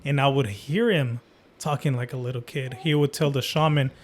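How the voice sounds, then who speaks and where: A man's voice: mid-range voice, steady tone, normal speed. A man hosting a casual podcast who chats in an easygoing way, trading stories and nodding along with short replies. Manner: easygoing, lots of short acknowledgements. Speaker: podcast host.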